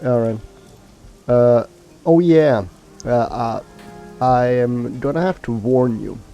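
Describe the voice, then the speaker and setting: A man's voice: mid-range voice, takes it slowly, creaky, warm tone, lo-fi sound, faint music behind. A man streaming a video game, chatting casually to his viewers and rambling with fillers and restarts. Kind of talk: casual let's-play commentary.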